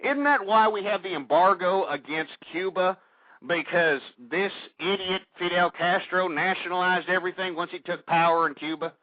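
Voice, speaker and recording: A man's voice: sits high, no echo. Ranting talk radio man with a Texan accent. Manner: heated, ranting, swears often, repeats himself. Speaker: radio show host. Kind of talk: political talk radio monologue. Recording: dull lo-fi radio recording.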